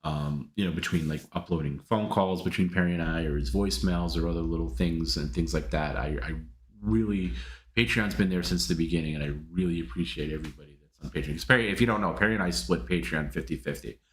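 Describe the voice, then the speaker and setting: A man's voice: low-pitched, fast talker, reverberant. A man hosting a live stream, casually answering viewer comments in a rambling way with many restarts.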